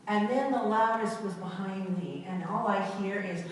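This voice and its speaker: A middle-aged woman giving a personal storytelling talk to an audience, dramatic and emphatic, with long pauses and repetition. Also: medium pitch, a little hiss or hum. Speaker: speaker at a self-help event. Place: large indoor event hall. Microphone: camera in the audience. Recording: echoey hall recorded from far off.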